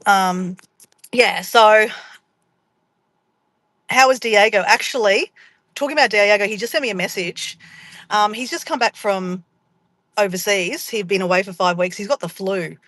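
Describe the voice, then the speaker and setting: A woman's voice: mid-range voice, a little slow, pauses often, a bit bright, dry recording. Chatty Australian woman vlogging from her car. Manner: chatty and rambling, often addressing viewers as guys. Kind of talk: casual chat to camera. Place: inside a parked car.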